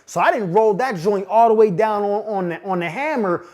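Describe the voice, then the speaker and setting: This podcast host is a man in his forties from Pittsburgh, USA, with a high voice and a normal pace. He tells a comedic personal story in casual slang, animated and acting out the characters, often asking the listener "you know what I'm saying."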